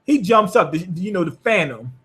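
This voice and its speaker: An anime reviewer with a high, husky voice goes over an episode at normal speed. His retelling is loose, rambling, profane, and animated.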